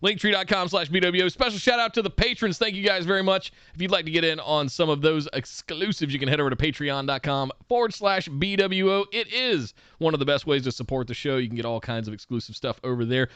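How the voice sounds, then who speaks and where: An upbeat man co-hosts a casual live podcast, rattling through plugs and shout-outs. His voice sits fairly high. The sound is dry and close. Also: fast, few pauses, smooth, dry recording. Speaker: podcast co-host.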